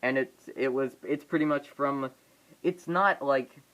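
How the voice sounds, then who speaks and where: A man's voice: medium pitch, a little slow, fairly bright tone, poor audio. A man talking into his phone camera in a loose, unscripted vlog. He rambles, stalls on fillers and restarts his sentences, with a mid-range voice. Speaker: vlogger reviewing a film. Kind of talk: casual off-the-cuff review.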